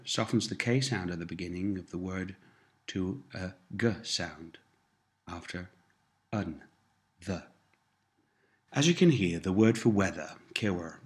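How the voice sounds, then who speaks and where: A deep-voiced man leads a scripted language lesson, setting out words for the listener to repeat. He moves at an unhurried, deliberate pace and explains each sound change patiently. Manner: patient, repetitive prompts with careful explanations. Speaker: language teacher.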